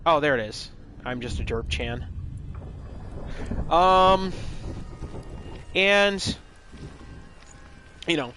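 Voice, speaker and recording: A man's voice: medium pitch, fairly bright tone, slight background noise. A man streaming a game live, retelling a story in a loose, rambling, joking way with plenty of swearing. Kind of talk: casual live gaming commentary.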